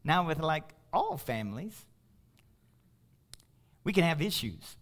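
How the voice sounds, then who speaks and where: A man's voice: fairly high pitch, sing-song, takes it slowly, fairly bright tone. A middle-aged male pastor preaching a sermon, emphatic and calling out to his congregation.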